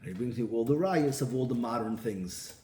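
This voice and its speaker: A man's voice: medium pitch, expressive, brisk, dark tone. A man, a rabbi giving a storytelling sermon who acts out the people in his stories. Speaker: rabbi giving a Torah talk. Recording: echoey room with faint ambient noise.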